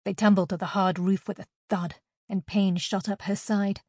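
A woman narrates a fantasy audiobook in a steady, expressive reading. Her voice sits at a middle pitch, and the recording is close and dry with no room sound. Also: normal speed, slightly rough, dry recording.

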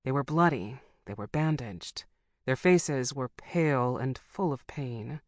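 Steady audiobook narrator, dry sound. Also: mid-range voice, dry recording. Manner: steady, measured storytelling. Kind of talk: scripted novel narration.

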